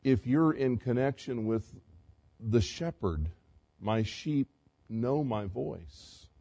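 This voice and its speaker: A pastor preaching a sermon, swinging from loud emphatic passages to quiet, conversational asides and direct questions to the congregation. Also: male voice, medium pitch, animated, slow pace.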